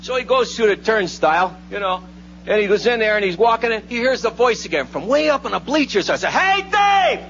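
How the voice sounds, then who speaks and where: A man's voice: sits high, expressive, fast talker, a bit bright. A male comedian telling jokes live at a hotel in a loose, rambling way, with lots of fillers. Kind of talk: stand-up storytelling. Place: hotel showroom, in front of a live audience. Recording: muffled live radio with faint hum.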